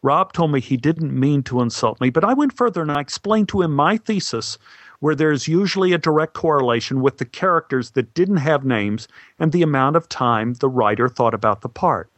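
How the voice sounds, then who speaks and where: A middle-aged male actor telling a story in a wry, deadpan way. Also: fairly high pitch, moderate pace, no echo. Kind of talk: storytelling monologue.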